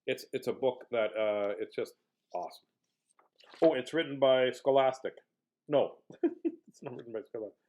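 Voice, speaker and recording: Middle-aged man, goofy children's entertainer, mid-pitched, silly read-aloud storyteller who laughs a lot. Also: normal speed, long pauses, muffled recording. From Manitoba, Canada. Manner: silly, animated, laughs often.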